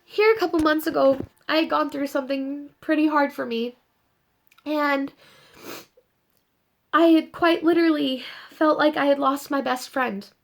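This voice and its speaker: A young woman talking earnestly and upbeat to her viewers in a casual inspirational vlog, telling a story with animated ups and downs. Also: high-pitched, a little slow, creaky, pauses often, rough recording. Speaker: vlogger.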